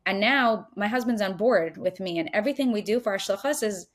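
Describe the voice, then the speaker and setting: A middle-aged woman, a podcast guest, speaking earnestly as she teaches in a warm conversational way. She repeats phrases for emphasis and acts out inner voices. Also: medium pitch, a little fast.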